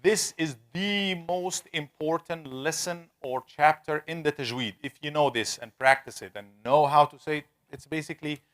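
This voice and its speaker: Man, teacher, fairly high voice, drawn-out repeated sounds, questions the class. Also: a bit bright. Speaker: tajweed teacher. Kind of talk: interactive classroom lesson.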